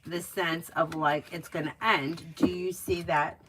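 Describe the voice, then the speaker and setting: A woman's voice: sits low, steady tone, unhurried, noisy background. A middle-aged woman chatting casually at home on a livestream, laughing easily and telling stories before giving tarot readings. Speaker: tarot reader. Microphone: phone or webcam stream.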